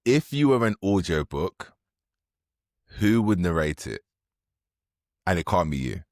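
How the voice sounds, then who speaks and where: A man hosting a podcast, asking relaxed, lively questions and giving quick affirmations. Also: low voice, no echo, clean studio sound. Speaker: podcast host. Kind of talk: casual podcast interview.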